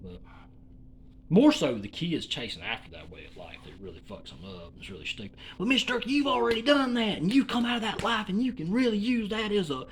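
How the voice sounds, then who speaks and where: A man's voice: a little high, sing-song, quick pace. A man from Alabama with a Southern accent, delivering a rambling comedic monologue in a folksy, profane, meandering way.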